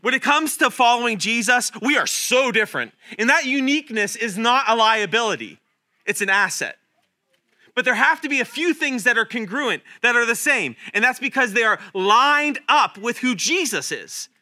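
A man in his thirties preaching a sermon in a church, animated and self-deprecating, showing points with his hands. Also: extremely high pitch, moderate pace. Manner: animated, self-deprecating, talks with hand demonstrations. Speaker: guest preacher. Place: church sanctuary.

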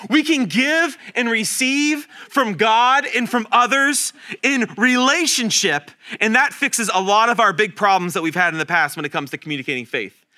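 A man in his thirties preaching a sermon in a church, animated and self-deprecating, showing points with his hands. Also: high voice, normal speed. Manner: animated, self-deprecating, talks with hand demonstrations. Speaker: guest preacher. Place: church sanctuary.

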